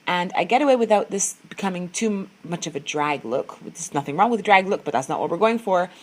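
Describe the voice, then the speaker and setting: A woman's voice: on the low side, lively intonation, brisk, poor audio. A woman narrating her makeup tutorial in a casual, chatty voice-over, gushing over products and correcting herself as she goes.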